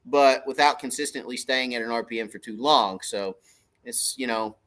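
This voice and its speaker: A middle-aged man chats casually on his fishing livestream. He talks in a folksy, rambling way, greeting viewers one by one in an easygoing drawl. His voice sits at an ordinary, middle pitch. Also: moderate pace, a bit bright. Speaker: fishing channel livestream host.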